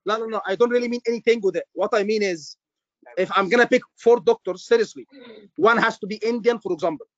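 A man teaching an online exam-prep class, lively, repeating points and checking in with his students. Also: high voice, quick pace, no room sound, highs cut off. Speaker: medical exam tutor.

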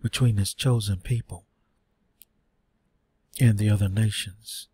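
Guy preaching to his "brothers and sisters", really raspy mellow voice, reads verses then asks y'all hear me. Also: lowish voice, fairly even intonation, measured pace. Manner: earnest, reads scripture aloud, rhetorical questions. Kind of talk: scripture teaching.

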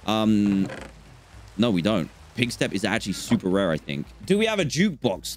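Excitable young man gaming. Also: fairly low pitch, normal speed, a little hiss or hum. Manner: excitable, jumps between calm chatter and panicked yelps. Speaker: gaming channel host. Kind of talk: let's-play game commentary.

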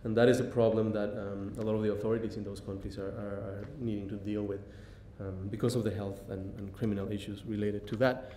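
A man giving a public lecture, pausing often with ums and restarting sentences. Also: level tone, dark tone. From Mexico. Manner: halting, many ums and restarts. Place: lecture hall. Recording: echoey hall, faint rumble.

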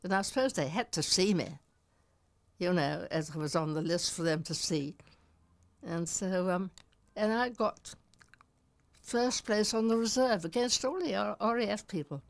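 A woman's voice: mid-range voice, measured pace, gravelly, long pauses, low-quality recording. An older woman, a former wartime pilot, recalling stories in a documentary interview, acting out other voices and laughing as she goes. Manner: lively storyteller, acts out voices, laughs often.

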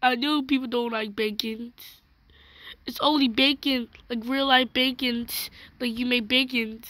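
A woman's voice: on the high side, steady tone, a little slow, dry recording. A woman giving playful game commentary, talking in a dramatic, whiny way with fake crying. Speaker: gaming channel host. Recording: loud background noise.

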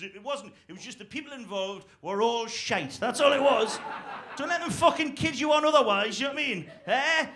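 Bright high-voiced swearing comic man. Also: animated, a little fast, slight background noise. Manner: rambling, sweary, laughing at his own lines. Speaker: comedian. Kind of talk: comic storytelling.

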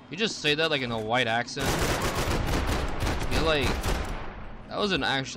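Young guy, excitable and profane let's-play commentator, gunfire loud underneath. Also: medium pitch, very noisy. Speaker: gameplay commentator. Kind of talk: casual gameplay commentary.

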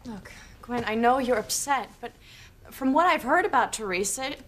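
A woman playing a gentle friend reassuring someone in a TV soap opera. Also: fairly high pitch, lively intonation, moderate pace, slight background noise. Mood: soothing. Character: soothing friend calming someone down.

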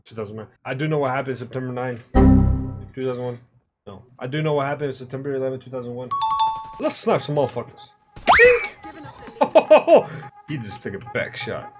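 A young man commentating his own gameplay, ranting and swearing constantly, often bursting into shouts. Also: medium pitch, fast talker, loud music behind the voice. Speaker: gaming YouTuber.

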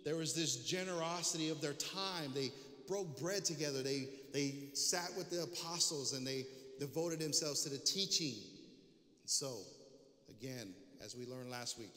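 A man's voice: medium pitch, normal speed, pushed and bright. A man preaching a sermon as pastor, reading scripture aloud and then explaining it. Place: church sanctuary. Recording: echoey church hall.

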